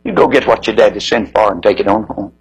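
A man with a gravelly voice voicing a kindly grown man who gently comforts a crying child in a sermon story. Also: lowish voice, fast, highs cut off, pitched below the performer's own voice. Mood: gentle. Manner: gentle, coaxing.

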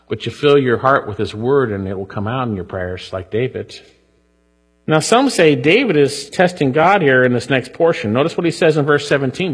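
A man's voice: fairly high pitch, fairly bright tone, slightly rough. A man preaching a sermon. He reads scripture aloud and then explains it with rising emphasis. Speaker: pastor. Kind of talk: expository sermon on a psalm. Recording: long hall reverb.

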